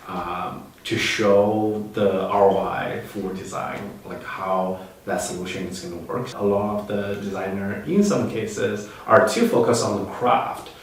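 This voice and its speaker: A man's voice: fairly low pitch, unhurried, hardly any pauses, slight background noise. A man hosting an interview, mostly giving short agreements and sometimes adding his own earnest remarks. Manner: brief backchannel agreement, then earnest remarks. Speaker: host. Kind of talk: interview chat. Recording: very echoey room, distant mic.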